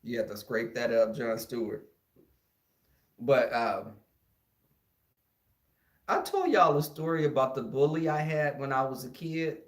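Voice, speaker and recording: A man from Houston with a Texan accent, telling a childhood story in an animated, casual way to his listeners. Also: medium pitch, a little slow, pauses often. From Houston, Texas. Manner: animated, addresses listeners as y'all, acts out the scenes. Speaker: podcast host. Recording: echoey room.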